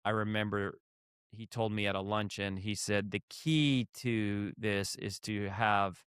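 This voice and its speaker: A man hosting a podcast interview, relaxed, asking questions and sharing brief memories. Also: on the low side, unhurried, clean tone, no room sound, studio quality. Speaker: podcast host. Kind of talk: casual interview.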